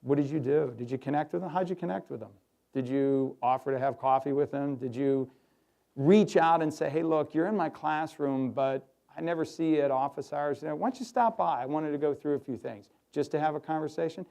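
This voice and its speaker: Middle-aged man, workshop speaker, animated delivery, slightly high voice, quotes others in voices. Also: fairly quick, creaky. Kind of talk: lively workshop talk to an audience. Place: hotel conference room.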